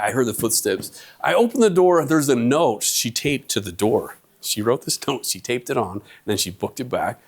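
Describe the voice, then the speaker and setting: A middle-aged man giving a humorous lecture, telling family stories with lively acted-out quotes to an audience in a lecture hall. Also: medium pitch, moderate pace. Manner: animated storyteller, acts out family quotes.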